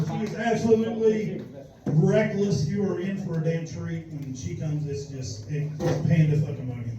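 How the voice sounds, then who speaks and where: A man's voice: a little high, moderate pace, noisy background. A man doing a crude, rambling, self-mocking stand-up comedy set. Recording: distant echoey club recording.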